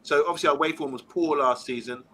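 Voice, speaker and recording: A man's voice: on the high side, fast, sharp tone, slight background noise, poor audio. A man hosting a casual fan live stream, reading out viewer comments and chatting. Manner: chatty, reads out viewer comments, laughs easily. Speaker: fan channel host reading live chat.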